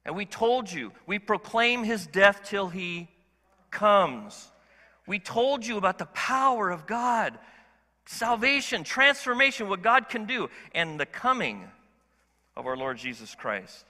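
A male pastor preaching in a church sanctuary with a high, sharp, tense voice. He talks in a lively, conversational way and keeps asking the congregation questions. A long hall reverb follows his words. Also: measured pace. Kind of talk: sermon.

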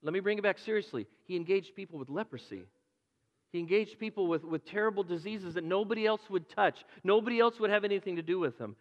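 A man's voice: high voice, fast, in a large hall, highs cut off. A man preaching a conversational sermon to a congregation, with playful asides and repeated words. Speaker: pastor.

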